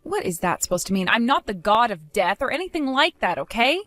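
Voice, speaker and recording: A woman doing a calm young daughter-in-law pushing back, kinda high, lively voice. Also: no room sound. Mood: questioning. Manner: measured, pointedly questioning. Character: patient young daughter-in-law, calmly defiant.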